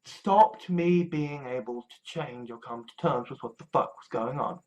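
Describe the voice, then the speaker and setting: A woman's voice: extremely low pitch, measured pace, darkish tone. A woman from England talking in a rambling, profane monologue full of restarts and swearing. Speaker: vlogger.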